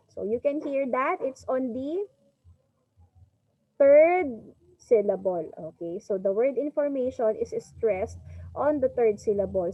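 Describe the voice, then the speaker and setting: A woman with a Filipino accent teaches an English class over a video call. She switches between English and Tagalog and stretches out the words she wants pronounced. Her voice sits fairly high, and the audio is dry and dull. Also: dry recording. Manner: mixes English and Tagalog, drawn-out model words. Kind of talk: online class lecture.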